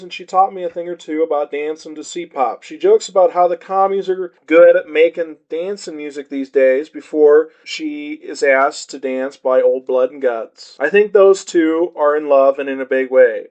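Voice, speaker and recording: A man's voice: on the high side, a little mellow. A man reading a short story aloud in the first person with a wry, laid-back delivery, on a dull lo-fi recording.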